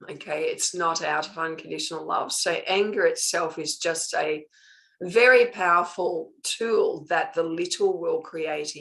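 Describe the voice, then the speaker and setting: An older woman teaching a spiritual master class, emphatic and punctuating her points with "okay", drawing out key words slowly. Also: on the low side, a bit bright, rough recording.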